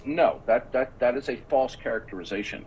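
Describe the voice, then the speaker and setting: A man's voice: mid-range voice, brisk, a little mellow, a little hiss or hum, poor audio. A man in his sixties in a heated online debate who keeps pressing his questions and talks over the other speaker. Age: 60s.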